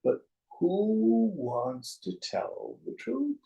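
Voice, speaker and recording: A man's voice: high voice, big pitch swings, extremely slow, warm tone, lo-fi sound. A man teaching a class on spiritual verses, telling stories in a wry, joking way.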